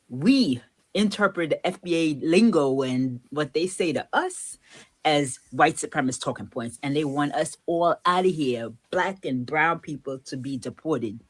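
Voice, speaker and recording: A woman with a low voice that swings widely in pitch, speaking in an opinion monologue. She presses her points with rhetorical questions. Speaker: commentator in a played clip.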